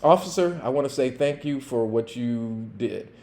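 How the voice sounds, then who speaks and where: A man's voice: medium pitch, moderate pace, darkish tone, lightly acted. A man voicing a hardworking single mother who speaks earnestly and firmly to a police officer. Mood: concerned.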